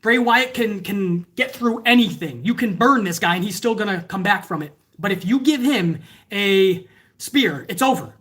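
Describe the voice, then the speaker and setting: A woman giving a casual, sarcastic and profane wrestling review, now and then acting out fans in shouted voices. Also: medium pitch, animated, normal speed. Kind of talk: casual ranting commentary.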